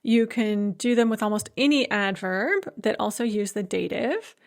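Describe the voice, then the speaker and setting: A woman lecturer teaching a language lesson, explaining grammar step by step and slowing down to enunciate each example phrase. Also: medium pitch, lively intonation, gravelly. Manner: explanatory, repeats key points. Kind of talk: recorded lecture.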